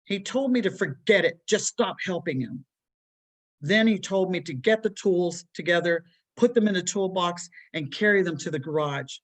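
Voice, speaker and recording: A woman's voice: lowish voice, lively intonation, moderate pace. A woman voicing an upset young boy who blames himself for trouble at home, speaking tearfully. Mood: sad. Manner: tearful, pleading.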